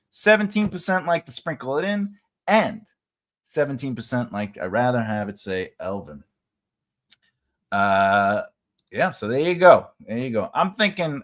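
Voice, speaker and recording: A man's voice: mid-range voice, a bit bright. A man hosting a live writing class, chatting with viewers in a jokey, rambling way and laughing often. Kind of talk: live-stream chat reading comments.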